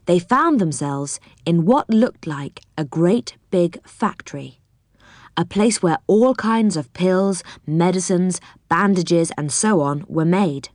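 A woman with a lower voice reads a children's story aloud, clear and gentle. The sound is close and dry, with no room around it. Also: dry recording. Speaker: narrator.

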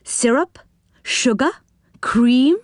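A woman's voice: high-pitched, extremely slow, dry recording, studio quality, pitched above the performer's own voice. A woman voicing a cheerful, polite round-faced magical man in a storybook reading.

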